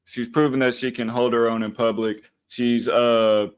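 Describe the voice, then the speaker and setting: A man's voice: medium pitch, flat delivery, normal speed, clear, resonant tone, dry recording. Blunt, profane man arguing. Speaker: debater. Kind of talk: heated live debate.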